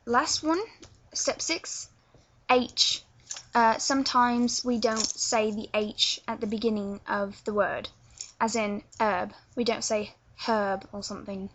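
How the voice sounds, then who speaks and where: Slow and steady in tone, this fairly high, slightly bright voice belongs to a young woman from London who makes videos teaching accents. Her tutorial is relaxed and chatty, full of filler words, in London English.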